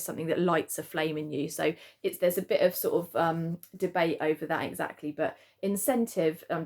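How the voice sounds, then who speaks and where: Woman teacher, lowish voice, creaky and gravelly, chatty home spelling lesson. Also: darkish tone. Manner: chatty explanations, frequent "okay?" check-ins. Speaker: primary school teacher.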